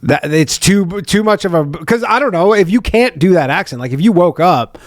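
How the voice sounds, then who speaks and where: A man's voice: sits high, animated, normal speed, dry recording, clean studio sound. A man co-hosting a podcast, rambling through his thoughts and laughing a lot. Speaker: podcast co-host. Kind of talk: casual podcast banter.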